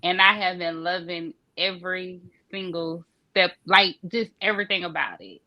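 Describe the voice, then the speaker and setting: A woman's voice: fairly low pitch, normal speed, lo-fi sound. A woman in her thirties with a Louisiana accent, a guest author chatting in a podcast interview and laughing easily. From Louisiana, USA. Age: 30s.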